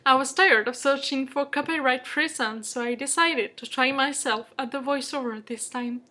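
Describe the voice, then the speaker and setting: Young french lady rambling thru a voiceover, high bright voice. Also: moderate pace. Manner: rambling, self-deprecating. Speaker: bullet journal vlogger. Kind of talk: casual voice-over narration.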